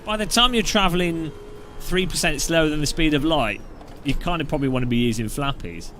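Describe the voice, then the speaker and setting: A man's voice: a little high, expressive, a little fast, a bit bright, slight background noise. A man giving casual, joking commentary while driving a racing sim, chatty and rambling with frequent laughs and restarts. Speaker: sim racing video host.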